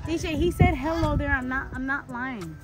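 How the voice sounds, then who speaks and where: Chatty high-voiced woman vlogging outdoors. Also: normal speed. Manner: chatty, animated, excitable. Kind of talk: casual vlog chat. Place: outdoor wildlife park. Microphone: handheld camera. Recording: music playing behind.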